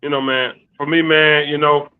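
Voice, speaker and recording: A man co-hosts a sports show, answering rival fans with relaxed, slangy banter. His fairly high voice comes through a thin line that sounds like a phone call. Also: normal speed, clear, resonant tone. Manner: laid-back slangy banter. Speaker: co-host. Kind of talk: casual sports talk.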